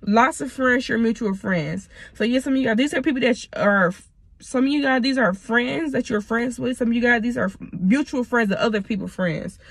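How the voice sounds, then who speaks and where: A young woman from Michigan giving a casual tarot reading to her viewers, swearing freely and calling them y'all. Her voice sits a little high, and she is a bit under the weather. The sound is dry and close, with no room around it. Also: brisk, creaky, slightly rough, no room sound. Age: 20s. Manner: blunt, profane and chatty, addressing viewers as y'all. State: sick. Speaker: tarot reader.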